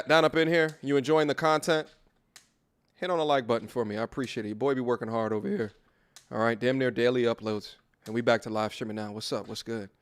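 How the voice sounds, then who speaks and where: A man's voice: mid-range voice, clean tone. A man casually commenting on an interview clip, loose and rambling, laughing often. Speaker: reaction streamer.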